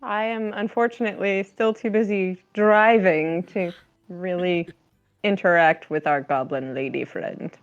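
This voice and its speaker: A woman's voice: lowish voice, steady tone, a little slow, dull audio, faint music behind. A woman playing a tabletop game, chatting playfully and laughing often. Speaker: player. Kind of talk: casual chat during a tabletop game.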